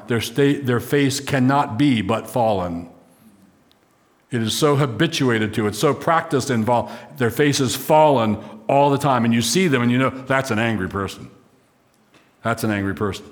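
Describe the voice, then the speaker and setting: A man preaching a sermon, walking through a scripture passage and putting questions to the congregation. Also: mid-range voice. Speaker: pastor. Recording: long reverb of a large hall.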